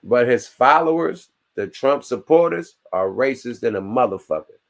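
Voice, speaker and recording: Male podcast host, casual and blunt, profane, middle pitch. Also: lively intonation, moderate pace, gravelly. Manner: blunt, profane, laughing asides. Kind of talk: casual chat.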